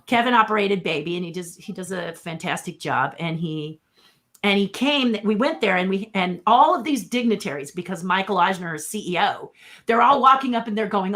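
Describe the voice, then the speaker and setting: A woman's voice: medium pitch, fairly bright tone. A middle-aged woman who is a puppeteer, telling stories as a guest in a casual interview. She acts out quotes and laughs often.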